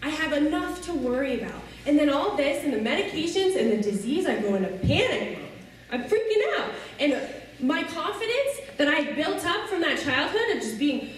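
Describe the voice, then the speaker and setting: A woman with a high voice tells her personal story to a youth audience, earnestly and often checking in with them. She is heard from across a large, very echoey hall, a little distant from the mic, with faint noise behind her. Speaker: speaker addressing a youth audience. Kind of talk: personal testimony talk.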